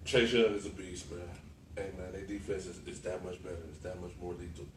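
A man in casual sports chat, animated and profane, riffing on teams and players. He sits back from the mic in a roomy space with faint noise behind. His pitch sits in the ordinary middle for a man. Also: fairly quick, distant mic. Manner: animated, slangy and profane, laughing a lot. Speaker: podcast co-host.

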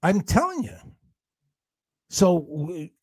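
A male co-host argues heatedly on air, his pitch jumping around a lot as he defends himself. The sound is dry and close, with no room around it. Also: very animated, a little mellow, husky, no echo. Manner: defensive, combative, fast rants. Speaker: radio show co-host.

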